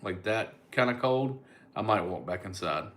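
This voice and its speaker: A man's voice: lowish voice, animated, normal speed, a bit bright. A middle-aged man, a comedian chatting casually on a livestream and answering viewers' comments. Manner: laid-back, chatty, thanks viewers by name.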